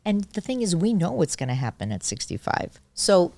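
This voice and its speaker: A middle-aged woman with a low voice talks as a doctor, stressing and repeating the points that matter. Her voice is close and dry, with no room sound. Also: big pitch swings, normal speed, vocal fry, dark tone, no echo. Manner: emphatic, repeats key points. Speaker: gynecologist guest. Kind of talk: casual medical conversation.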